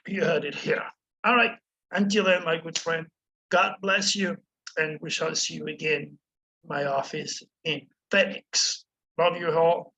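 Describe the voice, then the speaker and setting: Male astrologer, preachy, impassioned direct-to-camera monologue, high and bright tone. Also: steady tone, measured pace, gravelly, a little hiss or hum, low-quality recording. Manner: preachy, impassioned, addresses listener as "my friend". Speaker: astrologer addressing viewers.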